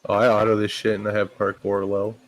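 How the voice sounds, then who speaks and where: A man's voice: on the low side, completely flat delivery, quick pace. A man playing a tabletop game in a laid-back, casually crude way. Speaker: player.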